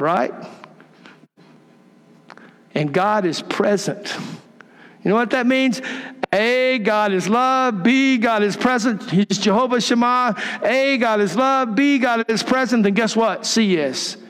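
A pastor preaching a sermon in a church, emphatic and repetitive, sometimes dropping to a soft near-whisper. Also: male voice, very high voice, slow, long pauses, clean tone. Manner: emphatic, repeats key phrases, drops to a soft near-whisper. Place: church sanctuary. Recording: long reverb of a large church hall.

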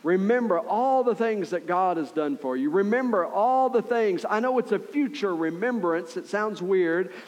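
A middle-aged male pastor preaching a sermon in a conversational, earnest way, often checking in with listeners with quick asides. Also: high-pitched, animated, a little mellow.

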